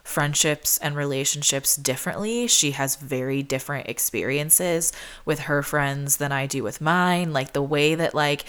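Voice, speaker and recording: A woman's voice: low-pitched, normal speed, fairly bright tone, smooth. A young woman hosting a podcast, talking casually and chattily with lots of "like", acting out what people said. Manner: chatty, peppered with "like", acts out quotes. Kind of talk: casual chat.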